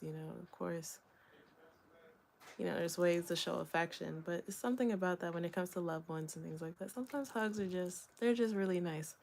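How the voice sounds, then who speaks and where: A young woman talking through her thoughts in a candid solo vlog. Her voice sits a little low, and she rambles gently with lots of fillers and small laughs. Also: creaky. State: hiccups. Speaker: vlogger. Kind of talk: reflective solo vlog talk.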